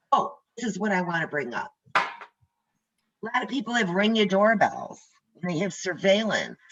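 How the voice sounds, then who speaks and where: Heard through dull audio, an older woman with a medium-pitched, somewhat bright voice teaches real estate trainees on a video call. She talks to them directly in a chatty manner, weaving stories into her lesson.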